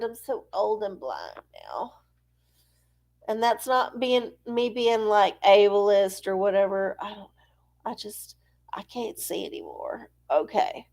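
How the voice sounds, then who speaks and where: A woman's voice: a little high, lively intonation, a little slow, darkish tone. A middle-aged woman hosting a live-stream oracle show, chatting casually and profanely, rambling off on tangents while sneezy from allergies.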